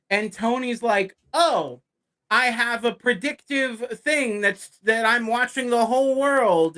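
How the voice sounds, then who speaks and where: A man on a casual podcast, ranting in a fairly high voice and swearing freely. He talks with animated energy and slips into quick impressions of other people as he tells the story. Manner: mimics other people in quoted lines. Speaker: podcast co-host.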